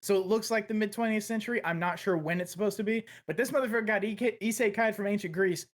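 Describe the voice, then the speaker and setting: A man's voice: high voice, fast talker. A man co-hosting a casual podcast chat, talking in an enthusiastic, profane and rambling way. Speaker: podcast co-host.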